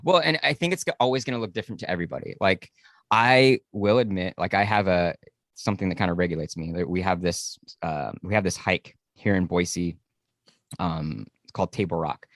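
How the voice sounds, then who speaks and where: A male podcast host with a fairly low voice talks in an easy, conversational way, dropping in a casual curse and steady murmurs of agreement. The recording is dry and close-miked. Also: brisk, no room sound. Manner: relaxed, conversational, occasional swearing, frequent "mm-hmm" backchannel.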